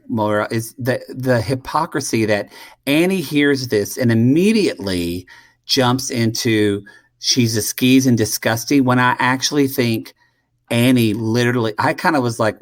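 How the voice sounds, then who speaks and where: Blunt, profane male co-host, swinging pitch, dry close-mic sound. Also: expressive, unhurried, no room sound. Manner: blunt and profane, dramatic outbursts. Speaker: podcast co-host. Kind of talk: casual podcast chat.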